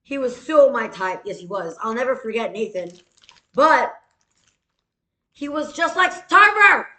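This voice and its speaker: A woman's voice: on the high side, very animated, unhurried, pushed and bright, echoey room. Rambling, profane woman telling a story. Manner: rambling, profane, many fillers. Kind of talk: casual storytelling.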